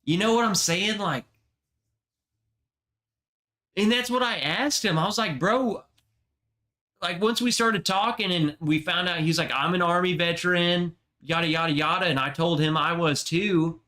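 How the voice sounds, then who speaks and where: A man hosting a casual livestream chat, telling a story in a slow, emotional, slangy way, close to tears. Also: high-pitched, bright, forceful tone. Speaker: livestream host.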